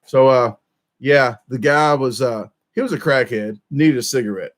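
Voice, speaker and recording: A man's voice: mid-range voice, normal speed. A middle-aged man hosting a casual livestream, rambling and correcting himself as he talks. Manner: rambling, self-correcting, chatty. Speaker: channel host.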